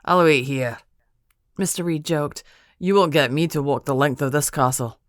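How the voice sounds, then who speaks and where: A woman's voice: sits low, moderate pace, no room sound, studio quality, natural voice. A woman voicing a wry, jovial older Scottish grandfather with a joking manner.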